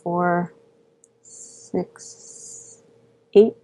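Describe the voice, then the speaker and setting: A woman playing in a casual tabletop card game podcast, easygoing and quick to laugh. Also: lowish voice, little pitch movement, mellow. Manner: easygoing, giggly.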